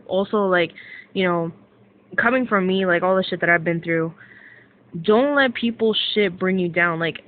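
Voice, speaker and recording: A woman's voice: fairly low pitch, normal speed. Rambling young woman, tinny phone-like sound. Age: young adult. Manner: rambling, filler-heavy, swears a lot, excitable. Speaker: vlogger. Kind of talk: casual rant to camera.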